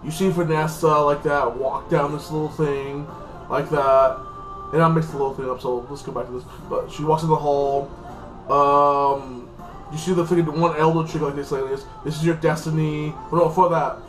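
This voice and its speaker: A man's voice: fairly high pitch, steady tone, normal speed, a bit bright. Rambling man recapping an episode, echoey. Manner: rambling, repeats "like this" and "freaking". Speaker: TV show reviewer. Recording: echoey room, distant mic, faint music.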